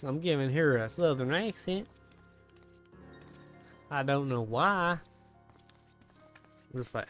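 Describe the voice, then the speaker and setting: A man's voice: a little high, lively intonation, slow pace, pauses often, fairly bright tone, soft background music. A man streaming a game, making offhand, joking asides as casual commentary.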